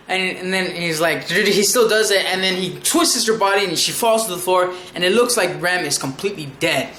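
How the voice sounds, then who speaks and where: An anime reviewer giving a casual episode recap, excitable and rambling, with frequent swearing. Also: mid-range voice, brisk, hardly any pauses, echoey room, a little hiss or hum.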